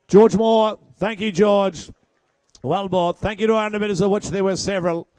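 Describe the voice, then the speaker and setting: A man auctions yearlings, his voice sitting high for a man. He rattles off bids in a quick chant and drops into friendly asides. The sound is dry, with little room around it. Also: darkish tone, no echo. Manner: rapid rhythmic bid calling with asides. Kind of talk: horse auction calling. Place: sale ring.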